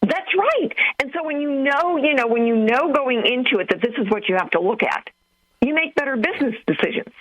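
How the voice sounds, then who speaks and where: A woman co-hosting a radio talk show over the phone, chatty and animated, acting out what other people say. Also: sits high, brisk. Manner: animated, chatty, acts out quotes. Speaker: radio co-host. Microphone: phone line. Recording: phone line.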